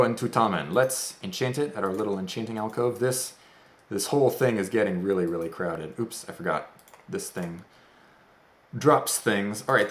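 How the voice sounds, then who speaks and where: A man's voice: mid-range voice, fairly bright tone, roomy sound. A man hosting a let's play, giving casual gameplay commentary with rambling, self-deprecating, goofy asides.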